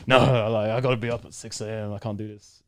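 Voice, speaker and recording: A young British man imitating an impatient, deep-voiced male football coach, curt and dismissive. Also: little pitch movement, fast, clear, resonant tone, dry recording, studio quality, natural voice.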